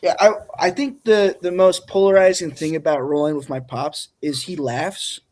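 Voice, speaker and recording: A young man co-hosting a podcast, his voice a little higher than most men's. He tells stories with animated energy and acts out the quoted lines. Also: moderate pace. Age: young adult. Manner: animated storytelling with acted-out quotes. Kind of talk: casual podcast chat.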